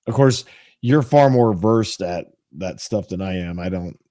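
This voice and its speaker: Low-voiced man, hesitant co-host. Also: measured pace, dark tone, no room sound. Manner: hesitant, modest, filler-heavy. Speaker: podcast co-host. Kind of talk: casual podcast chat.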